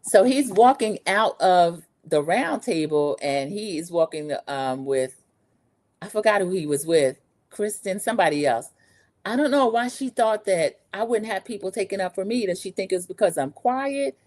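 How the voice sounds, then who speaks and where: A woman's voice: mid-range voice, moderate pace. A woman, chatting through a TV episode recap in a sassy, gossipy way. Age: 40s. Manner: chatty, sassy, quotes cast members in lively put-on voices. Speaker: recap show host. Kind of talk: casual TV recap commentary.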